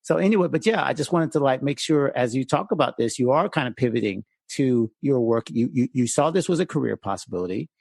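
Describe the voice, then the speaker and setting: A man's voice: medium pitch, lively intonation, creaky, darkish tone, no room sound. A man hosting a casual podcast interview, stumbling and repeating words as he works his way toward a question. His voice is dry and close, with no room sound. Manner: halting, repeats words while framing questions. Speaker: podcast host.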